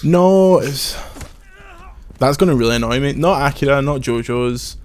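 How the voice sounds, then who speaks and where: A man's voice: mid-range voice, animated, normal speed, a little mellow. A young man with a wry, joking manner, chatting casually while playing a video game. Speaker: games video host, playing. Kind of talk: casual let's-play chat.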